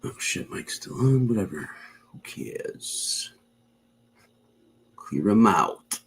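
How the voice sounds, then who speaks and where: A man's voice: lowish voice, sing-song, a little slow, background noise. A man muttering offhandedly to himself.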